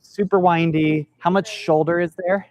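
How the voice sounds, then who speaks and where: A middle-aged sales mentor leads a live workshop for business founders in a meeting room with an audience, telling a story and quizzing the room. His voice is a little high with fairly even intonation, a moderate pace and a darkish tone.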